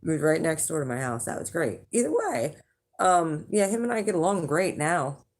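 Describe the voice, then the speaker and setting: A woman with a fairly low-pitched voice tells a rambling, chatty story to her viewers. She swears freely, restarts her sentences and laughs along the way. Her delivery is loose and conversational. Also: very animated, moderate pace, darkish tone. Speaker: channel host, intuitive reader. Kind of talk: casual storytelling to the camera.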